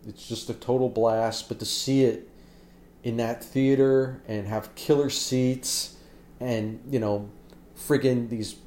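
A man chatting casually about movies as a podcast co-host, telling stories with lively acted-out reactions. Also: mid-range voice. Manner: animated storyteller, acts out reactions loudly. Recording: roomy echo.

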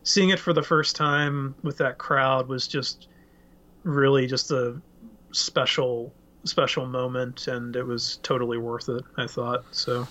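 A man's voice: mid-range voice, flat delivery, a little slow, pushed and bright. A man chatting casually about movies as a podcast co-host, rambling and self-aware about his tangents. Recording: dull lo-fi sound.

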